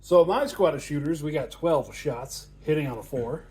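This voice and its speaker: A man's voice: fairly high pitch, moderate pace, very noisy. A man hosting a tabletop wargame battle report, chatting casually as he counts dice aloud and laughs often. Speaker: tabletop wargame player and channel host.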